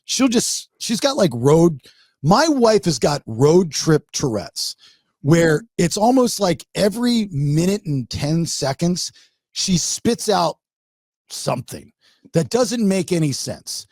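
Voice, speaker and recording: Gravelly man telling a rambling story. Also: on the high side, slow pace, dry recording, studio quality. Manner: rambling, animated, acts out his wife in quotes. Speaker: podcast host. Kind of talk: casual comedic storytelling.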